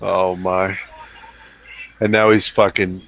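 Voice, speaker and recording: Profane, animated man telling stories. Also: low-pitched, slow pace, creaky, no echo, dull audio. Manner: animated storytelling, swears a lot, acts out quotes. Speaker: co-host of a live fight betting stream. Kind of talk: casual profane banter.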